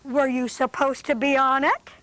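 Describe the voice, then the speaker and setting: A woman hosting a children's show, talking to a group of young kids in a studio in a gentle, patient, sing-song teacherly way. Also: sits high, level tone, moderate pace.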